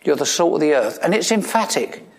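A man's voice: very animated, brisk. A pastor preaching a sermon in a conversational style, asking his listeners questions, with touches of dry humor and sudden emphatic lines. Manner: swings between emphatic rising lines and low quiet asides.

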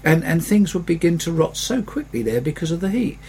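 A pastor delivers his sermon in a gravelly, somewhat raised voice. He talks to the congregation in an earnest, conversational way. His delivery often swells into emphatic rises, with a faint hum behind him. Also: fairly high pitch, sing-song, fairly quick, dark tone, rough recording.

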